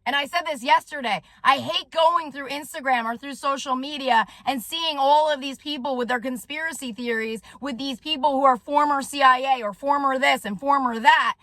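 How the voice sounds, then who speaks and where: A woman's voice: high-pitched, normal speed, few pauses, bright, forceful tone, no echo. A woman vlogger ranting to her viewers in an agitated, profane way, often ending her sentences with "okay?". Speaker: vlogger and soul coach. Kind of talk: direct-to-camera rant.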